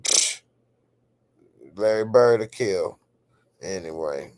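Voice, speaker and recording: A low-pitched American man drawls through his late-night stream sign-off, taking his time over every phrase. He stays relaxed and chatty and laughs easily with his viewers. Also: a little slow. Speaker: streamer host.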